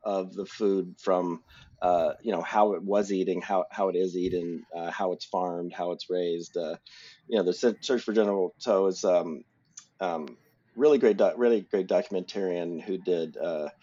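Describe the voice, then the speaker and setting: Dull lo-fi audio carries a man's low, dark-toned voice as he co-hosts a podcast about films. His intonation stays fairly even at a moderate pace, and his casual talk rambles with plenty of fillers.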